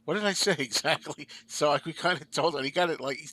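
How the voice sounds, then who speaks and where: A man's voice: fairly high pitch, fast talker, pushed and bright. Chatty man telling a rambling story. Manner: rambling storyteller, laughs mid-sentence. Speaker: livestream chat host. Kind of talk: casual chat.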